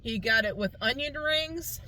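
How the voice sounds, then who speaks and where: A woman's voice: high voice, expressive, unhurried, bright, forceful tone, poor audio. A woman hosting a casual food review vlog from inside a car, chatty and upbeat, often talking straight to her viewers. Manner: chatty, upbeat, keeps calling the viewers "guys". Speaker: vlog host.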